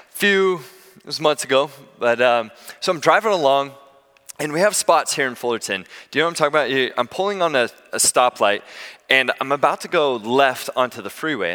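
Pastor in a reverberant hall, bright voice. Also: male voice, medium pitch. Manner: conversational storytelling, animated. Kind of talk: sermon.

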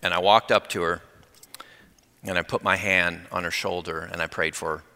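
A man preaching a sermon, animated as he tells a personal story and acts out the dialogue. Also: low-pitched, moderate pace, long reverb tail. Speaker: pastor.

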